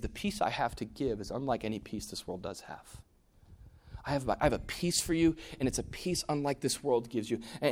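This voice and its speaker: A man preaching a sermon, swinging from loud, emphatic peaks to hushed, near-whispered lines. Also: medium pitch. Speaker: pastor.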